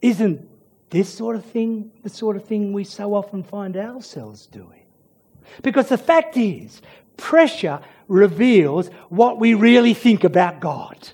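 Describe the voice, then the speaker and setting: A man preaches a sermon with expressive, dramatic pauses. His voice sits high and moves widely in pitch, and he takes his time, often restarting on repeated words. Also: husky.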